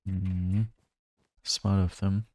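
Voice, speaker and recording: A man's voice: low-pitched, monotone, very slow, darkish tone. A male streamer chatting casually while playing a game, rambling and laughing often. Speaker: gaming streamer. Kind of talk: casual gameplay commentary.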